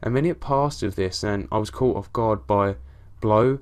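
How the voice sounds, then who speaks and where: Male narrator, lowish pitch, calm first-person horror storytelling, casual swearing. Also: normal speed. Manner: low-key, steady storytelling with casual swearing.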